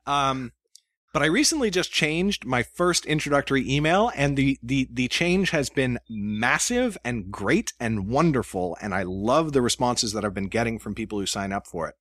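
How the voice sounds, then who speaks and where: A man's voice: medium pitch, animated, moderate pace, a bit bright, no echo, studio quality. A man, a guest author, chatting casually about his publishing business and acting out his emails in quoted voices. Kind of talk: casual chat.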